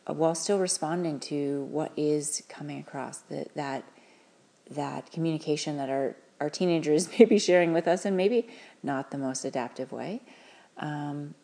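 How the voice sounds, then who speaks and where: A woman with a low, mellow voice talks gently and earnestly to parents about their teenagers. She pauses on fillers, restarts her phrases and has a gravelly edge to her speech. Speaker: parenting advisor. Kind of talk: advice talk to parents.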